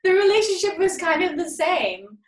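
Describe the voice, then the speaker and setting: A woman's voice: extremely high pitch, very animated, moderate pace. A young woman leading a drama workshop for kids from home, upbeat and encouraging. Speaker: acting teacher. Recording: echoey home room.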